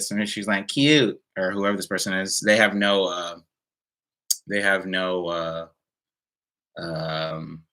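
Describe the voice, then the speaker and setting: A man's voice: fairly low pitch, pushed and bright. A man chatting casually on a live stream and answering viewer comments, rambling with many fillers and sounding a little tired. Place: indoors at home.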